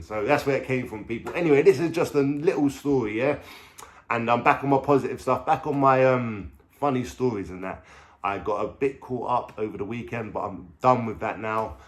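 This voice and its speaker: A man's voice: medium pitch, fairly quick. A young man with a London accent, telling a story casually to camera in slangy talk, swearing and checking in with "yeah?". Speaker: vlogger.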